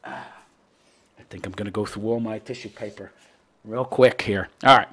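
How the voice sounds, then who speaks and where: The voice is a man's, mid-range and fairly bright, moving at a moderate pace with long pauses. He hosts a call-in commentary show, ranting with profanity and sarcasm about a listener's letter and repeating "wait, wait."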